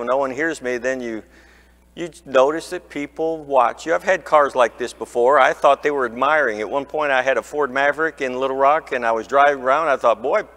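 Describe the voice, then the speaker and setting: A man preaching, telling a folksy, humorous anecdote and imitating squeaks. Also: fairly bright tone. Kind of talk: sermon storytelling. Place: church sanctuary. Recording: long church reverb.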